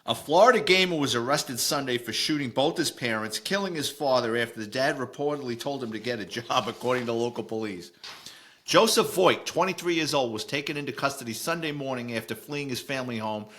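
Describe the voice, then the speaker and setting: A man's voice: medium pitch, brisk, a bit bright. A middle-aged man with a New York accent hosting a podcast as a retired cop, reading news and telling blunt, chatty stories. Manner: blunt, storytelling, chuckles while reading. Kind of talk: casual chat reading and commenting on news.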